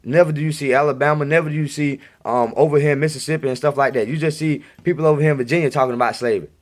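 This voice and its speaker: A man's voice: fairly high pitch, fairly even intonation, very fast. A man giving a casual, rambling monologue to his viewers in a home recording, insistent and repeating himself. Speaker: video blogger.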